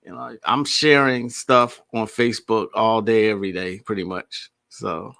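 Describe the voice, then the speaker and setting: A man's voice: fairly low pitch, steady tone, a little slow, vocal fry, pushed and bright. A man hosting a casual livestream, greeting viewers and chatting. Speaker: host.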